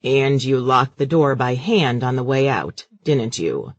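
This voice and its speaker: A man's voice: medium pitch, lively intonation, measured pace, no echo. A man voicing an exasperated grown son in an audiobook, weary and fed up. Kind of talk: audiobook character voice.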